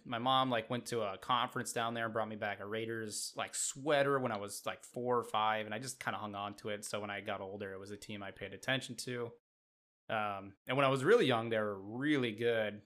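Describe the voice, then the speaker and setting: A man's voice: fairly low pitch, fairly quick, a bit bright. A man co-hosting a sports podcast, talking casually and rambling with lots of "like" fillers, from the Midwest. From Midwest United States. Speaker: podcast co-host.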